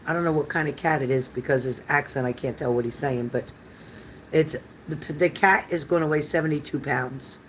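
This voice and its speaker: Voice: mid-range voice, fairly quick, fairly bright tone, slight background noise, low-quality recording. An older tarot reader giving live readings to chat viewers in a chatty, rambling, reassuring manner.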